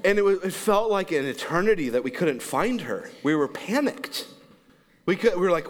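A man in his thirties preaching a sermon in a church, telling a family story with lively acted-out quotes and laughter. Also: a little fast, slight background noise. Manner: animated storytelling, acts out quotes with big pitch jumps, laughs along. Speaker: pastor. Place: church sanctuary.

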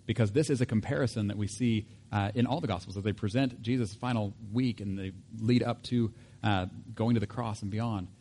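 A man's voice: fairly low pitch, brisk, warm tone. A man preaching a sermon in a casual, conversational way, with asides and self-corrections. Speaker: pastor.

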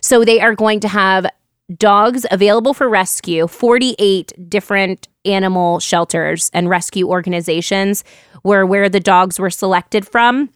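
A woman co-hosting a podcast, chatting casually and reading news stories in a bubbly, quick way with frequent laughs. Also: medium pitch, clean tone, dry recording, clean studio sound. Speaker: podcast co-host.

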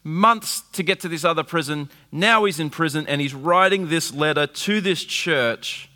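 Bright-voiced pastor in a hall. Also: male voice, on the high side, moderate pace, hardly any pauses. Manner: animated storytelling, wry humour. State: recovering from flu. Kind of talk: sermon. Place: church hall. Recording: reverberant hall.

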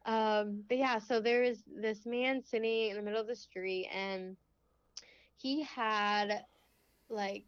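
A young woman guest telling a faith story in casual chat, full of "like"s and quick laughs. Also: medium pitch, steady tone, clean tone, dry recording. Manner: chatty, many fillers and "like"s, laughs often. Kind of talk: casual testimony in a faith podcast. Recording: slightly dull, lo-fi.

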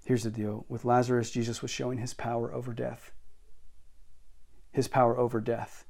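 A male pastor delivers a sermon with emphatic, passionate conviction. His voice sits in a middle pitch and moves between forceful passages and hushed ones. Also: little pitch movement, normal speed, vocal fry. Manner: emphatic, moving between intense and quiet.

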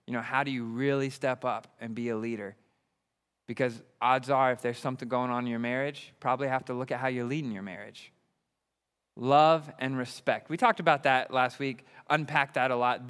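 A young adult man preaching a sermon, excitable and enthusiastic. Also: medium pitch, big-room sound. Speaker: pastor.

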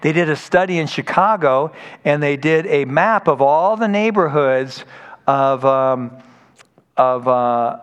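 Slow and smooth, this man's fairly high, expressive voice carries a sermon told conversationally, like a story. The pastor acts out quoted people as he goes, and a long hall reverb surrounds him.

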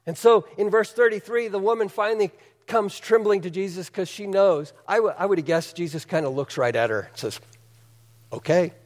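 A male pastor delivers a sermon with a high voice. He preaches in an earnest, conversational, emphatic manner, and a long reverb trails each phrase.

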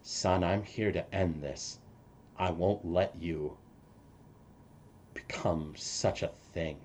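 A man voicing a heartbroken father who speaks quietly and gravely. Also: deep voice, steady tone, takes it slowly, a little hiss or hum, pitched below the performer's own voice. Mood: grave sorrow.

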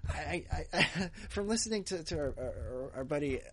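A man's voice: a little high, expressive, moderate pace, fairly bright tone, slightly rough. A man co-hosting a fan podcast in casual chat, laughing often and restarting his sentences. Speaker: podcast co-host.

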